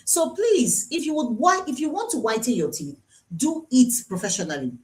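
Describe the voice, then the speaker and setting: A woman's voice: sits high, huge pitch swings, moderate pace, a little mellow. A Nigerian woman dentist hosting a live-streamed health talk, chatty and teasing, who repeats her key points for emphasis. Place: dental clinic.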